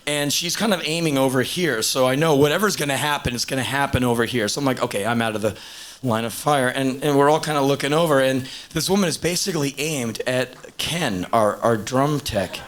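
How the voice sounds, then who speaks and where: A man in his thirties telling a long funny story on stage, shouting punchlines one moment and muttering asides the next. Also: brisk. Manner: animated, swings from loud exclaiming to low muttering. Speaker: stand-up comedian. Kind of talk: live stand-up storytelling. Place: live stage before an audience. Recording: hissy low-quality VHS concert tape.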